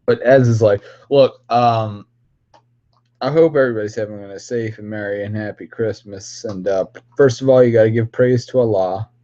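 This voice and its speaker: A man's voice: lowish voice, fairly even intonation, moderate pace, mellow, lo-fi sound. A man on a casual livestream, rambling and ranting with constant profanity at his viewers. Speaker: streamer.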